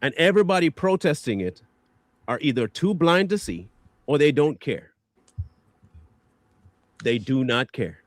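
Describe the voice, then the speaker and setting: A man's voice: fairly high pitch, big pitch swings, unhurried, long pauses, no echo. A man hosting a stream, delivering an angry, mocking reaction rant full of insults. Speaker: stream host.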